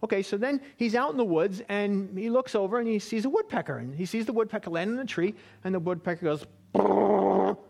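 High-voiced man teaching a Bible class. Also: animated, fast, few pauses, darkish tone. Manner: chatty, checks in with listeners with "right?".

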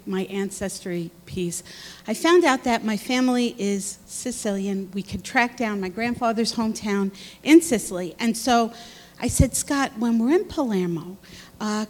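An earnest woman speaks softly and encouragingly to a congregation. Her voice is fairly high, and a long reverb rings around the large church room behind her words. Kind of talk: sermon testimony.

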